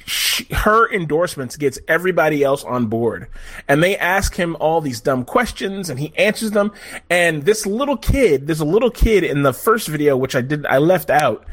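A man hosting a casual chat, telling stories in an animated, profane way. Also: on the high side, moderate pace. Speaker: podcast host.

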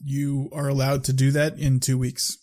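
A man co-hosting a casual podcast, dropping dry, deadpan quips. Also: medium pitch, moderate pace. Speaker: podcast co-host.

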